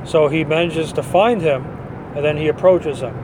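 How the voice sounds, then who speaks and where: A man hosts a podcast and rants through his opinions in a blunt, dismissive way. His voice sits a little high for a man. A faint city hum runs underneath. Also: normal speed. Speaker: podcast host. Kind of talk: opinion monologue.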